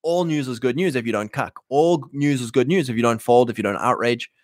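A man's voice: mid-range voice, brisk, no echo, clean studio sound. Punchy man acting out voices. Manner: animated, acts out quoted voices, punchy. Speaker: host. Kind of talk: casual monologue to listeners.

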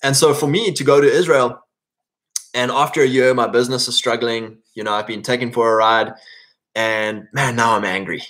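At a moderate pace with fairly even intonation, a man from England delivers an informal sermon in a mid-range, fairly bright voice. His style is chatty, punctuated by "right?", and he often goes back to begin a phrase again.

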